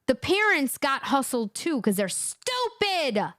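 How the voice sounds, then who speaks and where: A woman's voice: high voice, takes it slowly, no echo, clean studio sound. A woman hosting a live reaction stream, scolding and talking straight to her viewers. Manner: animated, scolding, talks to viewers. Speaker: livestream host. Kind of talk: reaction commentary to a chat.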